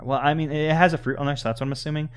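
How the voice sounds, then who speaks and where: A man's voice: on the high side, steady tone, rapid-fire, smooth. A young man casually commenting on a game he is playing into a home microphone, rambling and stumbling over restarts. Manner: rambling, with many stammered restarts. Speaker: let's player.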